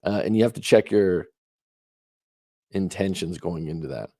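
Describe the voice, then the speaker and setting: A man's voice: deep voice, moderate pace, warm tone, no room sound, clean studio sound. A man giving relationship advice as a coach, talking emphatically with lots of rhetorical questions. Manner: emphatic, rhetorical questions, acts out quoted lines. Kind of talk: advice talk reacting to questions.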